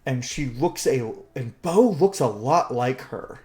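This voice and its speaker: A man runs a tabletop game over an online call, narrating scenes in a chatty, easygoing way. He laughs often and backs up mid-sentence to rephrase. His pitch sits in an ordinary middle range. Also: animated, slow, darkish tone. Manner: chatty, laughs easily, restarts sentences while describing. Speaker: game master. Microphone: online call microphone.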